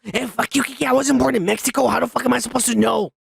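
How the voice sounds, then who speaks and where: A man co-hosting a podcast, talking in loud, profane, excitable banter and teasing his co-host. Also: extremely high pitch, fast talker, gravelly, breathy edge, no echo. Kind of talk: crude comedic banter.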